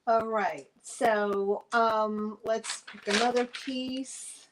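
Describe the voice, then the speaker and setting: A woman from New York with a New York accent, running a chatty live sale of vintage items into her phone, filling pauses with ums. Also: fairly high pitch, steady tone, noisy background. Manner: chatty, friendly, many fillers. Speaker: online vintage seller.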